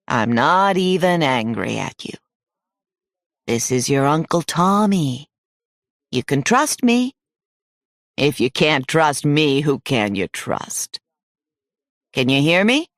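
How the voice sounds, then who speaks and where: A man voicing a middle-aged hunter who coaxes in a slow, falsely gentle voice for an audiobook. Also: fairly high pitch, sing-song, no room sound, clean studio sound, exaggerated voice. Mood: coaxing. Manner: coaxing, slow and sweet-talking. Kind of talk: audiobook character reading.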